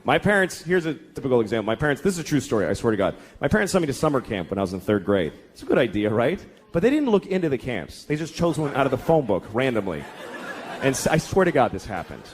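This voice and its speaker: A male stand-up comedian with a lively pitch tells profane, exasperated stories at a quick pace, acting out voices during his routine. He's on a comedy club stage, and the live recording carries crowd noise and audience laughter.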